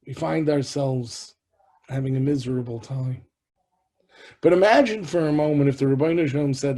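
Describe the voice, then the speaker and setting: A rabbi preaching a sermon as a story, swinging from loud cries to hushed whispers and mixing in Yiddish and Hebrew words. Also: male voice, a little high, lively intonation, moderate pace, vocal fry, husky.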